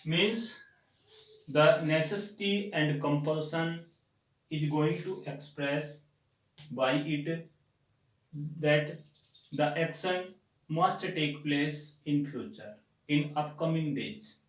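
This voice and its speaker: A male teacher with an Indian English accent, giving a grammar lecture slowly and deliberately and repeating words for emphasis. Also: a little high, distant mic. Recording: echoey room, voice set back from the mic.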